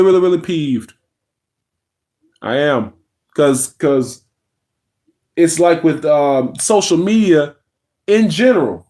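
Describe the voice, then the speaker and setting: A man ranting on a live stream, rambling and restarting sentences and greeting viewers by name. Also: on the high side. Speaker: live streamer and content creator.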